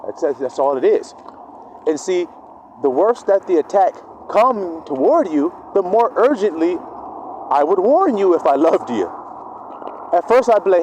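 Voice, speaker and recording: Man, slightly high voice with wild swings in pitch, preaching a profane street sermon that acts out both sides of each argument. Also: very animated, a little slow, darkish tone, slight background noise, rough recording. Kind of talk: street-style sermon monologue.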